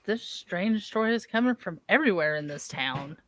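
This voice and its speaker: A woman's voice: lowish voice, animated, normal speed, fairly bright tone, dry recording. A woman playing a tabletop game, laid-back and offhand. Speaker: player.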